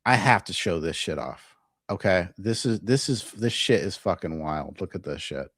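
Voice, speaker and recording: Low-voiced man swearing through a reaction. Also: lively intonation, moderate pace, fairly bright tone, slightly rough, no echo, studio quality. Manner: profane, incredulous. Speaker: commentary host. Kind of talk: casual reaction commentary.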